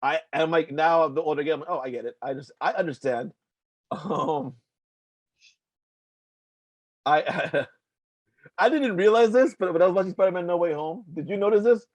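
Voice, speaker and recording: This co-host of a casual comics podcast is a young adult man whose voice runs a little high, captured with no room sound. Talking at a normal speed, he meanders through easygoing conversation packed with filler and the odd curse.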